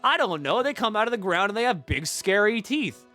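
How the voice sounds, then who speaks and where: A young man streaming a game, retelling its story with animated, sarcastic and profane commentary. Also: sits high, brisk, faint music behind. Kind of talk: casual gameplay commentary.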